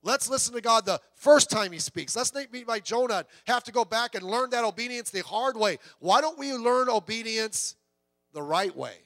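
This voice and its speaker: A man's voice: very high-pitched, lively intonation, normal speed, sharp tone, no echo. A male pastor preaching a sermon in a conversational style, with asides, rhetorical questions and a told story.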